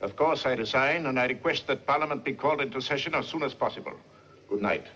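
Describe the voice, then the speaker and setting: An actor playing a principled prime minister in a 1950s film, speaking in a formal, measured and dignified way. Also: male voice, mid-range voice, sharp tone, a little hiss or hum, close to an everyday voice. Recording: dull 1950s film soundtrack with music.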